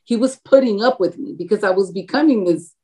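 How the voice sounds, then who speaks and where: Talking fairly quickly in a mellow, mid-range voice, an adult woman who is married with a grown son shares her faith testimony as a guest. Her storytelling is animated, with acted-out quotes and frequent laughter.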